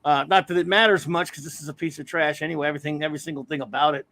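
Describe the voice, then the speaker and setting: Male co-host, high voice, angry sarcastic ranter. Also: steady tone, rapid-fire, bright, forceful tone. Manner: angry, sarcastic, profane, exasperated. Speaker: podcast co-host. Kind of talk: casual ranting chat.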